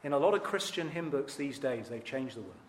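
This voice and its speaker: A man preaching a sermon, earnest and emphatic, with dramatic rises in pitch and volume. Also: lively intonation, brisk, slight background noise. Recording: echoey hall.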